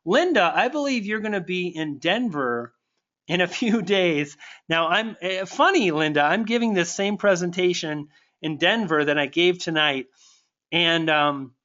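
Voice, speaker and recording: A man coaching online marketing, hosting a live webinar and warmly answering viewers, thankful and stumbling over restarts. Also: high voice, lo-fi sound.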